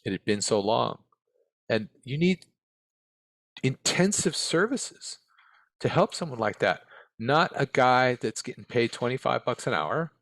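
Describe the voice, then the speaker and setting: A man's voice: mid-range voice, expressive, measured pace, long pauses, fairly bright tone, dry recording. An American man, a former case manager, answering interview questions bluntly and candidly, often tagging on "right?" and "okay?". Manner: blunt and direct, with frequent tag questions. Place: interview room.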